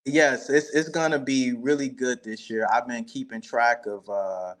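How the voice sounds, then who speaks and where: A man's voice: mid-range voice, steady tone, unhurried. Proud Chicago-accented man fan. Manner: proud, boastful about his team. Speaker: guest fan. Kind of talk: casual sports talk.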